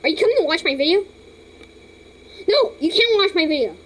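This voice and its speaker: High-voiced, dramatic woman vlogger. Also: lively intonation, a little fast, a bit bright, a little hiss or hum, rough recording. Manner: dramatic, rambling, swings into shrieks. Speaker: channel host. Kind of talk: casual toy vlog narration.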